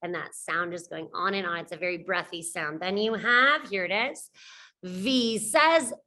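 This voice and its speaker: Young woman teacher, very slow, encouraging phonics delivery for young learners. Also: on the low side, bright, forceful tone. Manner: slow, encouraging, models sounds. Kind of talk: children's phonics lesson.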